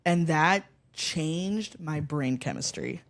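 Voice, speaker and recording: A woman's voice: sits low, slow. A young woman, a comedian, chatting casually as a podcast guest, brash and profane, telling stories from her life. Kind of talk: casual chat.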